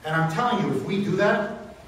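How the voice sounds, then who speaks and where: A man who hosts a radio talk show speaks to a meeting. He tells stories with passion and rises to loud exclamations. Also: high-pitched, lively intonation, fairly quick. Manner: impassioned storyteller, rising to loud exclamations. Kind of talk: speaking to a meeting, answering questions. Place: meeting room. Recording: echoey hall, speaker far from mic, faint noise.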